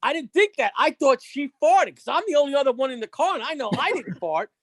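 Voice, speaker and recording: A woman's voice: sits high, a little fast, no echo. A woman, a podcast guest telling a story with lots of swearing, acting out every line of dialogue. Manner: animated, acts out quotes, heavy swearing.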